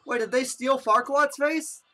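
Young woman joking through a game, slow-ish delivery, bright tone. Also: sits high, soft background music. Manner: excitable, joking, dramatic reactions. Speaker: video game streamer. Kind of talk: let's play commentary.

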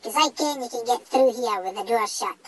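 Cocky little dog, northeast Scottish accent, very high squeaky voice, blustering and sweary. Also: male voice, brisk, a crowd in the background, rough recording. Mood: defiant. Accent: Scottish (northeast, Doric). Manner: sweary, blustering tough talk. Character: foul-mouthed Scottish dog, male, small, cocky and brash.

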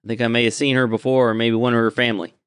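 A man's voice: mid-range voice, flat delivery, rapid-fire, fairly bright tone, clear, resonant tone, no room sound, studio quality, close to an everyday voice. A man voicing a grizzled, polite male sailor who drawls folksily and hesitates over his words. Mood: folksy.

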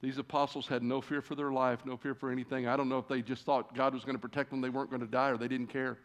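Guy preaching in a church, storytelling sermon, acts out the conversations, middle pitch. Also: fast talker. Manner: animated, acts out quoted conversations. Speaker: guest preacher. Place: church sanctuary.

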